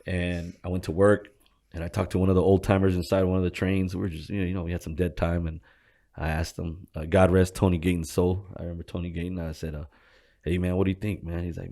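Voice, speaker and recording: A man's voice: fairly even intonation, fast, vocal fry. A young man telling his life story in a casual interview, swearing freely and acting out the people he quotes. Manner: swears constantly, acts out quoted people with a raised voice; laughs while telling, drops to a low murmur when reflective.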